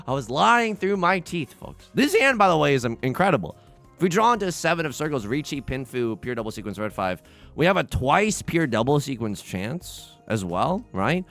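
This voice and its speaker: A man's voice: fairly high pitch, gravelly, a bit bright. A young man hosting a let's play, rambling through stories and game commentary with lots of restarts and laughs. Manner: rambling storyteller, self-interrupting, laughs at his own stories. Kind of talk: casual gameplay commentary. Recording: faint music behind.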